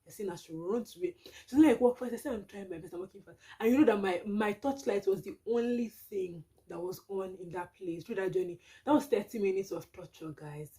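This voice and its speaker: A woman's voice: medium pitch, fairly quick, hardly any pauses. A young Nigerian woman with a Nigerian accent, telling a dramatic storytime vlog with lots of exclamations. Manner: animated, dramatic retelling with exclamations. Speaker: vlogger.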